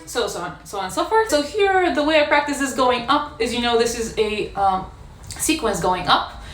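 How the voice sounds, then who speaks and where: A woman in a casual practice session, explaining how she practices a violin piece in a thoughtful way, pausing often with fillers. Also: a little high, expressive, over music. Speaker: violin teacher. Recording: echoey room with violin playing.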